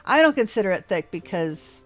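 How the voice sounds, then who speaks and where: A woman's voice: medium pitch, big pitch swings, fairly quick, fairly bright tone, soft background music. An older American woman from the West Coast with a slight Texas drawl, chatting casually and rambling a little as she hosts a gameplay video from her home. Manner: rambling, chatty, self-correcting. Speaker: let's play host. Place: home, living in Georgia.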